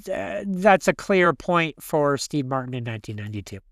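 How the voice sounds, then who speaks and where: A man co-hosting a podcast in casual movie chat, animated and swearing freely as he talks. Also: on the high side, normal speed, no echo, studio quality. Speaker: podcast co-host.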